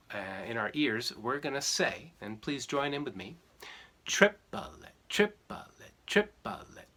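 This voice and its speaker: A man teaching a ukulele lesson in a relaxed, explanatory way, sometimes chanting rhythm syllables. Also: mid-range voice. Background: ukulele strumming.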